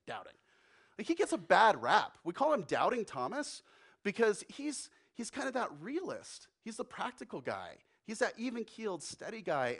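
A man preaching a sermon as pastor, conversational and animated, acting out quotes. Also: on the high side.

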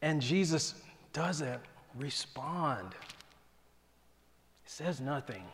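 A fairly high-voiced man gives a casual, animated Bible teaching as a preacher. His voice rings out in a hall with a long reverb tail. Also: very slow. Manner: casual and animated, often asks "right?".

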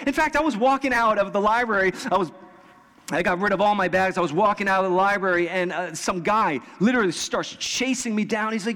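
A male pastor preaching in a church, his slightly high voice trailing a long reverb through the hall. He tells stories in a loose, conversational way, then climbs into loud, excited emphasis and slows down to repeat his key lines. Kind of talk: sermon. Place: church sanctuary.

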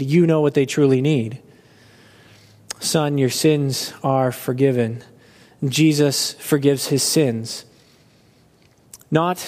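A man preaching a sermon, explaining scripture in a conversational way and lifting his voice when he presses a point. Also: a little mellow. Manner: expository, conversational, rising in pitch for emphasis. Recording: long hall reverb.

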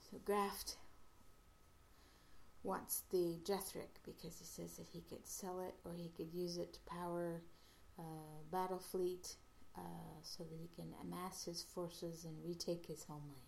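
A woman casually retelling an episode's plot as a podcast host, halting often with fillers and restarts. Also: on the low side, little pitch movement, creaky, darkish tone, a little hiss or hum.

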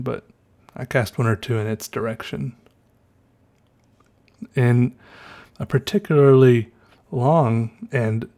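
A man's voice: medium pitch, darkish tone. Rambling Southern man musing aloud. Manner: meandering, self-correcting, musing aloud. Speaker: vlogger. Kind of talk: casual rambling monologue.

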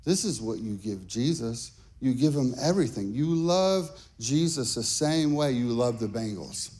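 A pastor preaching a sermon, his voice climbing into shouted, half-sung phrases. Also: medium pitch, animated, a little slow.

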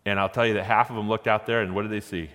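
A man preaching a sermon, retelling a story in a lively, conversational way with chuckling asides. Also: fairly low pitch, racing. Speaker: pastor. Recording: echoey hall.

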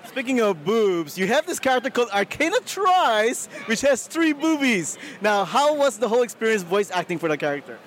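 A man interviewing a guest at a convention, asking brisk, chatty questions. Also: sits high, big pitch swings. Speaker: interviewer, show host. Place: convention floor.

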